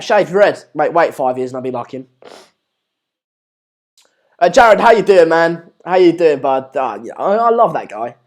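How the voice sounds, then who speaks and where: A man with an English accent hosting a live stream, chatting casually and reading out viewer comments in a rambling, jokey, self-deprecating way. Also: high voice. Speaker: livestream host.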